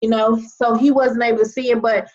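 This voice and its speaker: A woman's voice: on the high side, level tone, a little fast, a little mellow. A young adult woman giving a casual presentation on a video call, chatty and often checking in with "okay?". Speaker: online marketing presenter. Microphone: video call microphone. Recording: muffled video call audio.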